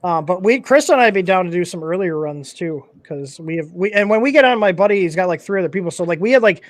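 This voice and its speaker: A man's voice: sits high, lively intonation, fast talker, no echo. A man in his thirties hosting a livestream, chatting casually and laid-back with lots of filler words and swearing. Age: 30s. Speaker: podcast host.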